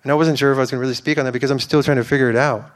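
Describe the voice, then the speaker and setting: A man's voice: mid-range voice, fairly even intonation, very fast. A man giving an informal, earnest sermon to a church, rambling with fillers and restarts. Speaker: preacher.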